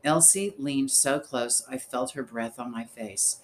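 A man's voice: medium pitch, unhurried, slight background noise, low-quality recording. Man reading a story aloud. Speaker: audiobook narrator. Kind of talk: first-person storybook narration.

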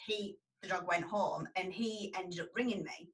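A woman, telling a story about her dog grooming salon in a casual, animated way and acting out the people in it. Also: on the low side, moderate pace, recorded from a distance, poor audio.

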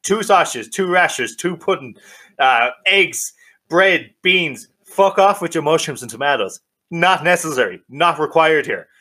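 Boisterous Irish man with a bright voice. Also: on the high side, expressive, measured pace. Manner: boisterous, swearing, laughs often. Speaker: podcast co-host. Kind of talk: casual banter.

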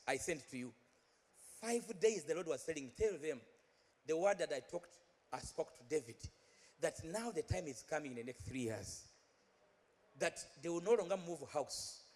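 A man preaching a live sermon, exhorting the congregation, repeating phrases and leading them in call-and-response chants. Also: fairly high pitch. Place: large church hall. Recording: long reverb of a large hall.

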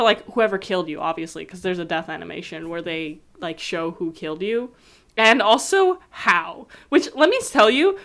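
Chatty woman talking games with a friend, animated, laughs a lot. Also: mid-range voice. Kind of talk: casual chat.

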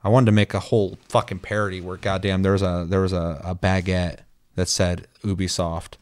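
Profane, animated man hosting a podcast. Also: low-pitched, brisk, smooth. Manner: profane, animated, jokey voices for quotes. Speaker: podcast host. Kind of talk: casual gaming podcast chat.

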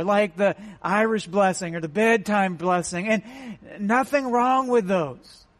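A man's voice: high voice, fairly bright tone, no room sound. A man pastor giving a sermon in an earnest, plain way, often repeating words for emphasis.

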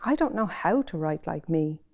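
A spirited young woman from Galway, quick and bright in her replies, as a woman reads her part. Her voice lifts high and sharp when she speaks up. The talk is unpolished and brisk. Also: gravelly, heavily acted. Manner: quick, lively, higher pitched.

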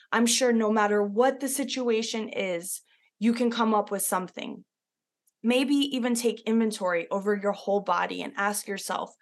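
A woman's voice: mid-range voice, normal speed. Earnest woman podcast host. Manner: earnest, encouraging, personal. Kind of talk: casual podcast talk.

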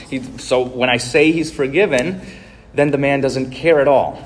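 A man's voice: medium pitch, steady tone, moderate pace. Earnest male pastor preaching. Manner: earnest, direct address to the congregation. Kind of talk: sermon.

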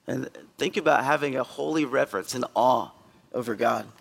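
A male pastor giving a conversational sermon in a church, earnest and emphatic, with sudden loud bursts. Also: medium pitch, moderate pace, gravelly, slightly rough, big-room sound. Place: church sanctuary.

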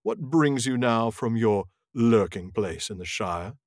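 A man voicing a scornful, proud old male wizard in a slow, grave, sneering reading. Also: fairly low pitch, animated, no echo, studio quality. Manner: slow, grave, scoffing delivery. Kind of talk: reading a novel aloud in character voices.

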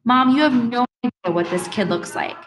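An exasperated middle school boy insists and protests in a storybook, his voice pitched up and urgent. A woman gives him voice. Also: moderate pace, soft background music, natural voice.

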